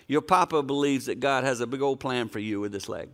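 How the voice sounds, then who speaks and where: Older guy preaching, smooth clear voice, chatty and earnest like telling a family story. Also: medium pitch, fairly quick. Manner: conversational, earnest, folksy storytelling. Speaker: pastor. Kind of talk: sermon with personal story.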